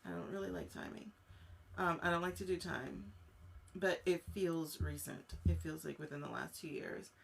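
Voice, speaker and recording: A woman hosting a live-streamed spirit reading as a psychic medium. She speaks directly to a viewer and searches for her words, with many fillers and pauses. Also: lowish voice, vocal fry, slightly rough. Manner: halting, searching speech full of fillers.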